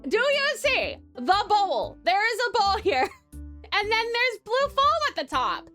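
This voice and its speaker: A young woman, chatting casually to her viewers on a live stream, giggling, excitable and swearing freely. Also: very high voice, a little slow, soft background music. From Australia.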